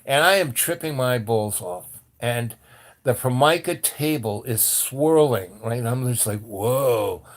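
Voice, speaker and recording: An older man rambles through a personal story in casual conversation, restarting often and acting out the voices of the people he quotes. His mid-range voice moves at a measured pace and sounds animated.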